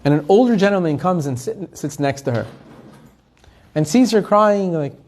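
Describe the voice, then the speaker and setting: A man's voice: high voice, moderate pace. A man, a rabbi, telling a story in a sermon and acting out each character's lines. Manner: animated storyteller who acts out the characters' quoted lines.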